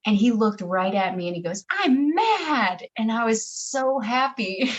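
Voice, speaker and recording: A woman's voice: mid-range voice, normal speed. A woman who teaches shadow work, speaking as a podcast guest over a video call. She talks in a reflective, earnest way and uses a lot of "like". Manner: reflective, earnest, many filler "like"s. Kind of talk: casual interview chat. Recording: dull lo-fi video call audio.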